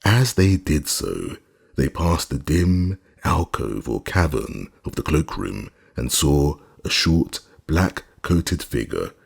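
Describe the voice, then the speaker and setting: A man narrating an audiobook in a measured, even storytelling manner. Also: very deep voice, creaky, husky. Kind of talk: scripted narration.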